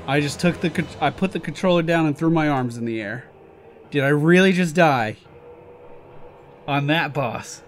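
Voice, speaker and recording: A man's voice: a little high, moderate pace, long pauses. A man giving casual gameplay commentary on a let's play, swearing and exasperated, talking back at the game.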